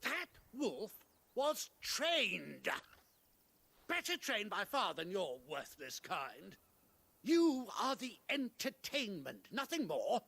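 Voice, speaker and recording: A man's voice: high voice, huge pitch swings, slow pace, vocal fry, bright, forceful tone, breathy edge, exaggerated voice. A haughty, pompous nobleman. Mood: indignant. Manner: haughty, theatrical and indignant. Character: arrogant, pompous nobleman father. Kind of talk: video game cutscene acting.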